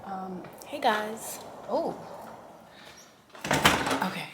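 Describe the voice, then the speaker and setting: Twenty-something girl rambling to her vlog cam, lots of ums, kinda hushed at times, noisy recording. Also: mid-range voice, expressive, drawn-out words. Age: 20s. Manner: rambling, chatty, many fillers, sometimes hushed. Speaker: vlogger. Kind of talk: casual vlog chat. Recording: noisy background.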